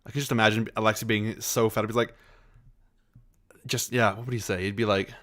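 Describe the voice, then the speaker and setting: A man's voice: on the low side, fairly even intonation, a little fast, fairly bright tone. A man chatting casually and laughing while live-streaming a mystery game.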